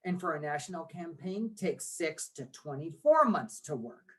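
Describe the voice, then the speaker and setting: A man in his forties, a guest on an interview podcast, explaining things with lively rhetorical questions. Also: a little high, moderate pace. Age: 40s. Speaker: guest, marketing agency owner.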